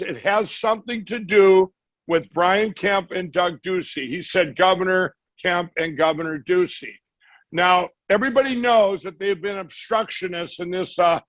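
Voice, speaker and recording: A man with a fairly high voice tells a rambling story, slipping into the voices of the people he quotes. The sound is dry and close, with slightly dull audio. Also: fairly bright tone, dry recording. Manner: rambling, acts out quoted dialogue. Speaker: guest. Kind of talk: storytelling in a conversation.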